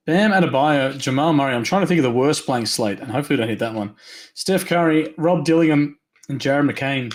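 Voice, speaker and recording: A man hosting a live trading card break, rattling off names quickly and upbeat, his voice going hoarse. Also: medium pitch, lively intonation. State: losing his voice.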